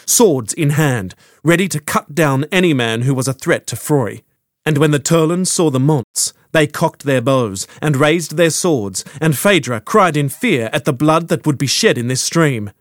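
A man's voice: medium pitch, no room sound. Male audiobook narrator, dry close sound.

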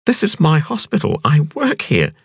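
A woman's voice: huge pitch swings, normal speed, gravelly, husky, no room sound, heavily acted. A man voicing a young female doctor, dazed and stubborn after a crash, in a storybook reading. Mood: indignant. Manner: high, insistent exclamations.

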